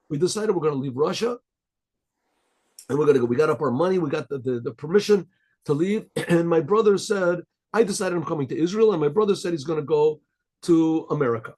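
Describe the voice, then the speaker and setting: Male rabbi storyteller, somewhat high, husky voice, loose and chatty delivery. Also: warm tone. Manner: rambling, chatty, with chuckles.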